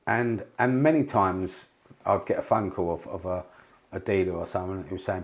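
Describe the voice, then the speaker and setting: A man with a deep voice speaks at normal speed in a steady tone. As a podcast guest in a candid storytelling interview, he rambles through stories, swearing and restarting often.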